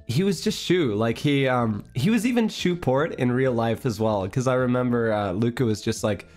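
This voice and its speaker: A man's voice: medium pitch, lively intonation, moderate pace, a little mellow, faint music behind. A man streamer telling a story in a casual chat stream. He rambles, fills his talk with fillers, and giggles often.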